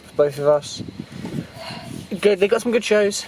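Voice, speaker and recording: A man chatting casually into a handheld camera for a vlog, relaxed and recommending a park. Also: high voice, measured pace, noisy background. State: a little out of breath. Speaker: vlogger. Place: hilly park path, then a parked car.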